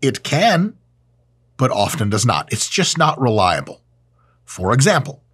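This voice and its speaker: A man giving a casual, science-minded talk with a joking, irreverent streak. His pitch swings widely as he talks, keeping the delivery lively. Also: husky. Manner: jokey, irreverent, animated. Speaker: host.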